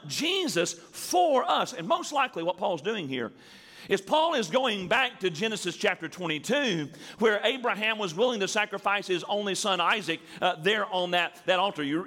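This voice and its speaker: A man's voice: high voice, fairly bright tone. A man preaching a sermon as pastor to a church congregation, building emphasis and stretching key words. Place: church sanctuary before a congregation. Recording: reverberant sanctuary hall.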